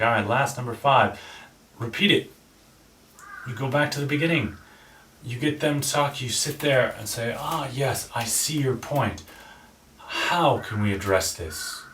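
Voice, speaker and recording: A man's voice: medium pitch, a bit bright. A man hosting his channel, casually reviewing a negotiation book and demonstrating tones of voice, often restarting his sentences. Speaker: channel host. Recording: roomy echo, voice from a distance with faint ambient noise.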